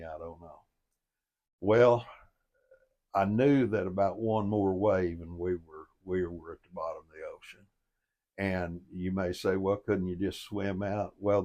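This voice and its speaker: A man's voice: low-pitched, warm tone. An older man telling a boating story in a folksy, plain-spoken and earnest way, as a motivational storyteller. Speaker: storyteller and life coach.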